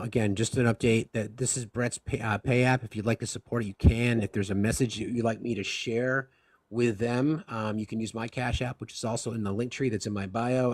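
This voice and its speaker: A man hosting a live discussion stream, speaking with impassioned, rapid-fire rhetorical questions. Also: lowish voice, darkish tone, no echo. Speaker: livestream host.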